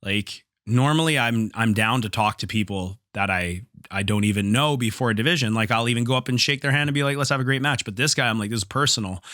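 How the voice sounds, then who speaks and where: Podcast host, male, bright and forceful, animated anecdote style. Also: lowish voice, a little fast, no room sound, studio quality. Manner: animated, profane, acts out quoted dialogue. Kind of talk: casual storytelling.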